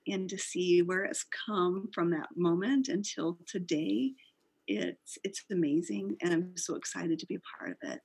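A woman's voice: medium pitch, a little mellow, husky. A middle-aged woman, a company founder, earnestly telling the story of how her business began in an interview.

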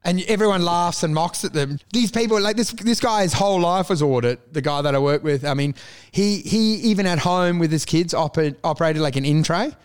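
A man's voice: high voice, brisk, smooth. A man, rambling and swearing as he tells stories in casual banter. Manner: rambling storyteller, swearing, laughing.

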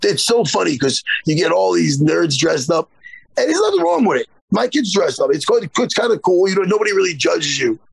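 Gravelly animated man in his forties. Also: high-pitched, fairly quick, no room sound. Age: 40s. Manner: animated storyteller, swears freely. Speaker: jiu-jitsu instructor. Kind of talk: casual podcast chat.

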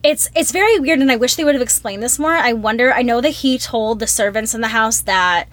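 A woman's voice: on the high side, brisk. A woman co-hosting a podcast, retelling a film plot in casual chat and acting out the quotes. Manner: animated storyteller, acts out quotes. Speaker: podcast co-host.

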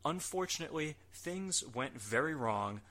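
A man's voice: on the high side, expressive, normal speed, bright, forceful tone. A man hosting a podcast, giving a casual recap with wry, joking asides and the odd curse word. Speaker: podcast host. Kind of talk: casual recap narration of a wrestling show.

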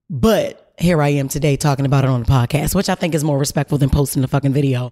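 A woman hosting a podcast, telling a story in a casual, animated way, full of slang and swearing and talking straight to her listeners. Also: a bass voice, quick pace. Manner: animated, slangy and profane, addressing listeners directly. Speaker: podcast host.

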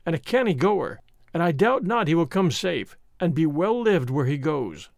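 A grave, measured father near the end of his life, given voice by a man reading a storybook. The delivery rises high and moves widely in pitch, heard close and dry. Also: big pitch swings, gravelly, no room sound. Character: dying Scottish schoolmaster father, steady, hopeful. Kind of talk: audiobook reading.

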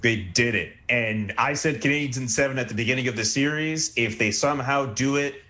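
A man on a sports panel, making a measured, reasoned argument in casual chat. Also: medium pitch, sharp tone.

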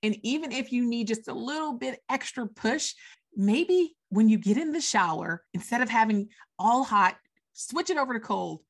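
A woman hosting a podcast interview, enthusiastic and quick to laugh. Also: fairly high pitch, animated. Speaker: podcast host. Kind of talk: casual interview chat.

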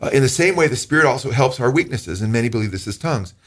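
A man preaching a sermon as pastor, talking earnestly, rising in pitch for emphasis and slowing down when he reads scripture. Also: lively intonation, fairly bright tone. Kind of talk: sermon teaching.

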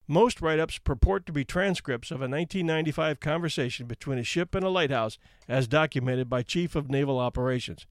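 A man's voice: a little high, dry recording, clean studio sound. A man reading out anecdotes in a wry, conversational storytelling manner. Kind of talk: casual read-aloud narration.

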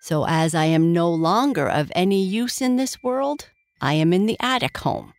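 A woman's voice: on the low side, animated, moderate pace, no echo. A woman voicing a weary, sad old male jumping jack toy in a children's story.

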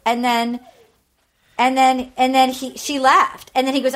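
A woman with a notably high voice, chatting casually as she recaps a scene. She retells it with animation and acts out each quoted line. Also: steady tone, normal speed, fairly bright tone. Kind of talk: casual chat recapping a reality show.

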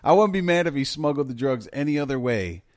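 A man co-hosting a podcast chats loosely about news stories, swearing and laughing often. His mid-range voice moves fast and swings widely in pitch.

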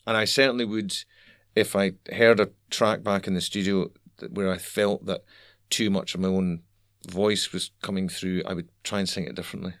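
A man's voice: deep voice, fairly even intonation, normal speed, a bit bright, no room sound, clean studio sound. A Scottish man, a songwriter and singer, talking as an interview guest in a thoughtful, rambling way with restarts. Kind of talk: reflective interview talk.

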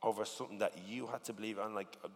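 A man with a working-class Dublin accent, talking in a casual interview, animated and swearing often with lots of "you know what I mean". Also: lowish voice, fast, big-room sound. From Dublin, Ireland. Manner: animated, swearing, filler-heavy storytelling. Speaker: rapper, interview guest.

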